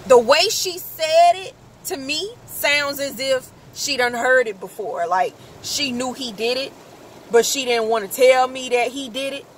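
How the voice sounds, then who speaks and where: High-voiced woman telling a story. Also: a little slow, slight background noise, low-quality recording. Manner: animated, profane, exclaims in quoted outbursts. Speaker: vlogger. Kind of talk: casual storytelling.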